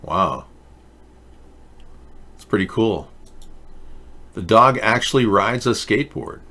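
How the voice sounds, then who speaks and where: A man's voice: lowish voice, expressive, slow, sharp tone. A man hosting a show, talking in a casual, rambling, jokey monologue full of asides. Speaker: host.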